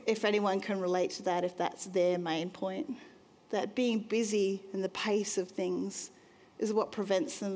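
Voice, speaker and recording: A woman sharing a personal testimony in a sermon, talking earnestly and conversationally and slowing down for emphasis. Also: medium pitch, darkish tone. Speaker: church speaker sharing a testimony. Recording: long hall reverb, faint music behind.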